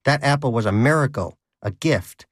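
A man voices a pious, prim male pet rodent in a cage, sounding earnest and indignant. His natural voice is medium-pitched and expressive, pitched above his own and spoken at normal speed, on a dry, studio-quality recording.

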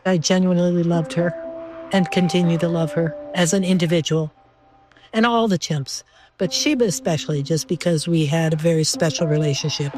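A woman's voice: on the low side, normal speed, darkish tone. An older woman, a former lab researcher, recalling her years with chimps in an earnest, emotional documentary interview.

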